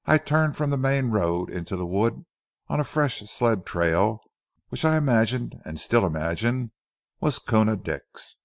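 A man reading as a steady police corporal in an old adventure story, speaking quietly and deliberately. The voice is low and gravelly, and the recording is close and dry. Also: no echo.

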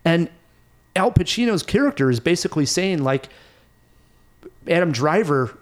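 A man hosting a casual film review podcast, animated and laughing often as he recounts scenes. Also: on the high side, normal speed. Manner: animated, laughs often, mimics actors' voices. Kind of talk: casual movie review chat.

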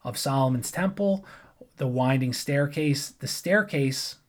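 A man at a middle pitch talks through a history topic in a relaxed, unscripted way. He rambles, backtracks and corrects himself, and keeps the tone loose and conversational. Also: measured pace. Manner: rambling, loose, with frequent restarts and asides. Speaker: history presenter. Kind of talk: casual explainer talk.

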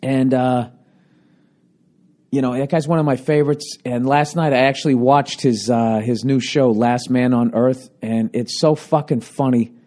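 A man's voice: medium pitch, unhurried. Male comic, mid-range voice with some cracking, foul-mouthed ranting podcast monologue into a handheld recorder. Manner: profane, ranting, animated. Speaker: stand-up comedian and podcaster.

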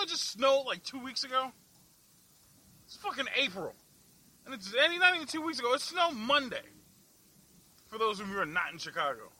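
Behind the wheel in the city, this young vlogger swears and fumes, occasionally cracking himself up. The recording is low quality, and his very high voice sounds pushed and bright.

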